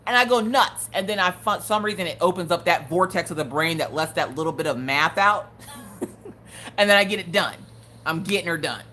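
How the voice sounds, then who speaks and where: A woman's voice: lowish voice, fairly quick, pushed and bright, a little hiss or hum. A woman hosting a casual live crafting stream, chatty and joking, laughing often.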